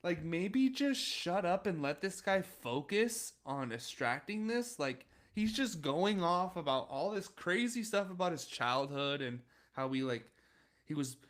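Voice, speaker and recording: A young man co-hosting a podcast, recapping episode plots in a relaxed, casual way with frequent fillers. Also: high-pitched, a little slow, few pauses. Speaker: podcast co-host. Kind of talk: casual chat.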